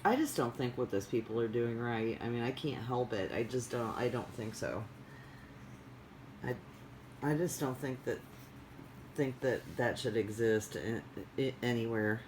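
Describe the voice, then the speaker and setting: A vlogger talks at an unhurried, drawn-out pace in loose, casual chat. The delivery wanders from point to point, padded with plenty of fillers and restarts. A faint hiss sits under the voice. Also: medium pitch. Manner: rambling, digressive, many fillers.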